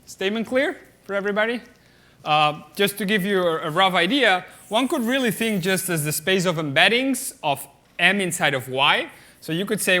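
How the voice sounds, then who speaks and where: A man's voice: high voice, animated, moderate pace, pushed and bright. A man giving a mathematics lecture at a conference, explaining step by step with many fillers and often checking the audience with "okay?".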